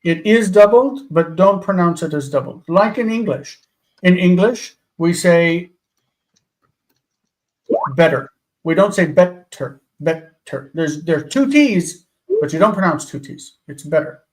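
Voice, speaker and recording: A man's voice: sits high, animated, unhurried. A man teaching a live online Hebrew lesson over a video call, patiently explaining and repeating example words.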